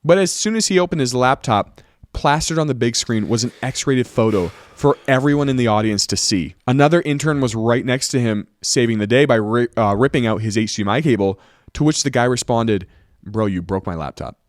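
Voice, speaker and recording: Man, podcast co-host, reading stories aloud, steady delivery, dry close sound. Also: mid-range voice, a little fast, dry recording. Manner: reads submitted stories aloud in a steady, even way. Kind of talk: casual comedic podcast chat.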